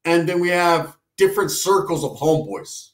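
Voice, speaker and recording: A man's voice: fairly high pitch, lively intonation, moderate pace, echoey room. A middle-aged man telling loose, profane neighborhood stories in a casual chat, laughing as he goes. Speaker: podcast co-host.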